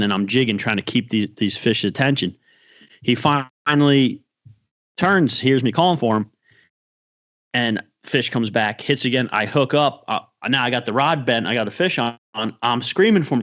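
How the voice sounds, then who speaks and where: Excited male podcast storyteller. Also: medium pitch. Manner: excited storyteller, fast and animated. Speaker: podcast co-host. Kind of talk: casual chat.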